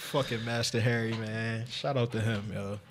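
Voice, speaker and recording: A man hosting a podcast, telling a story in casual chat, animated and profane, jumping into a high excited voice when he quotes himself. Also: moderate pace, heavy background noise. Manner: animated, swearing, acts out his own lines in a high excited voice. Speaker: podcast host.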